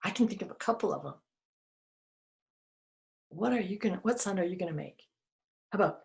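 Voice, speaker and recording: Her voice is mid-range and gravelly, and she talks a little fast as she hosts a children's museum storytime. Playful and animated, she makes animal noises and sound words for the kids.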